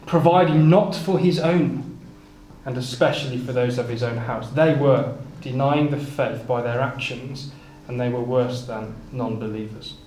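A man of middle pitch gives a Bible sermon, reading scripture in King James wording and expounding it in plain speech. He often stumbles and repeats small words as he gathers his thoughts. The recording is roomy and echoey, with faint background noise. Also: fairly even intonation, unhurried, darkish tone. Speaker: preacher.

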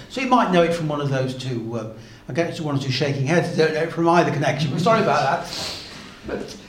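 A man preaching a sermon, expounding Bible passages slowly and turning to the congregation with asides. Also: high voice, slight background noise. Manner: slow, measured Bible exposition with asides to the congregation. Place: church hall. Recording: echoey hall, faint ambience.

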